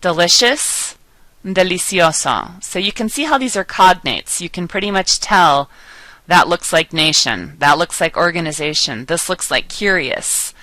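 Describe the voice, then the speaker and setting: Female instructor, lower voice with a crisp bright edge, dry close sound, patient and explanatory. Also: lively intonation, no echo, low-quality recording. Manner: patient, explanatory, slows to enunciate example words. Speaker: Spanish teacher. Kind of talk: recorded classroom lecture.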